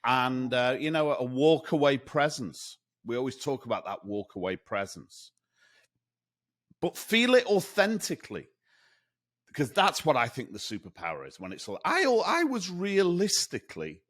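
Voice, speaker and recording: A man co-hosting a sales podcast in casual chat, rambling and animated, with many restarts. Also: medium pitch, unhurried. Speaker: podcast co-host.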